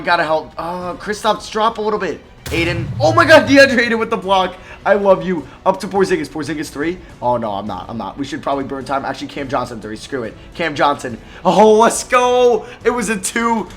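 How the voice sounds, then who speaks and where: A man giving live commentary on his own basketball video game, excitable and jumping between loud outbursts and low mutters.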